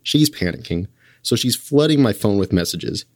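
A man's voice: on the low side, expressive, normal speed, dry recording, clean studio sound. A young man, a podcast guest, telling a story in a casual, wry, conversational way.

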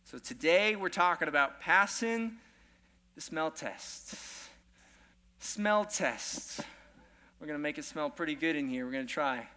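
Young male guest preacher, high and bright, playful sermon delivery with jokes. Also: moderate pace. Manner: playful, self-deprecating humor with rising excitement. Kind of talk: energetic sermon. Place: church sanctuary with congregation.

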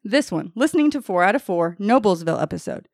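A woman's voice: medium pitch, expressive, fast, a little mellow, dry recording, studio quality. An American woman co-hosting a podcast, chatting casually and sounding exasperated. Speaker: podcast co-host. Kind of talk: casual chat.

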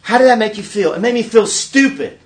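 A man giving a preaching-style conference talk, an animated storyteller who acts out scenes and asks the audience rhetorical questions. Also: high-pitched, brisk, distant mic. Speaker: workshop speaker at a conference.

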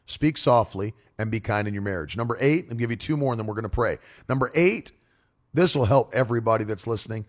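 A man's voice: lowish voice, lively intonation, fast talker. A male preacher giving a flowing sermon on marriage and parenting, repeating key phrases for emphasis. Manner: loose, flowing delivery with restarts.

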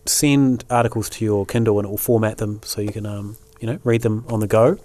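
A man's voice: fairly low pitch, a little fast. A man co-hosting a podcast in casual chat, rambling along with plenty of fillers, recorded close and dry. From New Zealand. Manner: relaxed, rambling with many fillers. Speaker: podcast co-host.

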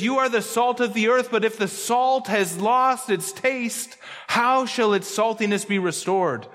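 A man preaching a sermon as pastor, emphatic, repeating key phrases and slowing down to stress them. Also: sits high, fairly bright tone, in a large hall.

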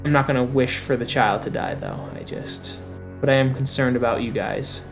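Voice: medium pitch, gravelly, over music. A tabletop roleplayer chatting casually and narrating a scene, often trailing off mid-thought. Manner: casual, halting, frequent trailing off.

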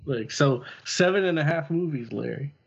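A man's voice: on the high side, lively intonation, normal speed, vocal fry, husky. A man co-hosting a casual movie podcast, blunt and opinionated. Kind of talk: casual chat about movies. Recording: dull lo-fi sound.

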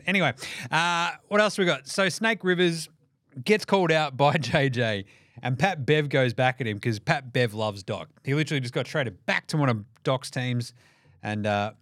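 Brief: young Australian guy, sweary mocking sports ranter, lively pitch, dry close mic. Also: no echo. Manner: profane, mocking, animated. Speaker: podcast host. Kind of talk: casual sports rant.

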